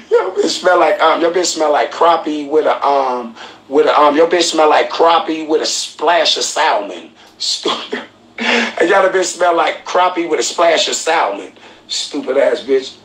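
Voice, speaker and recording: A man's voice: a little high, expressive, a little slow, fairly bright tone, far from the mic. A man hosting a live stream, telling a story in a casual, profane way, mocking people and laughing at his own insults. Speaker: live-stream podcast host. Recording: roomy, off-mic, faint noise.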